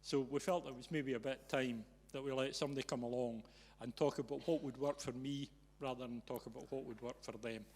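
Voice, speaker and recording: A man hosting a live event, telling a story to an audience in a teasing, animated way. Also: mid-range voice, brisk, hardly any pauses, slightly rough. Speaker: event host. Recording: reverberant hall.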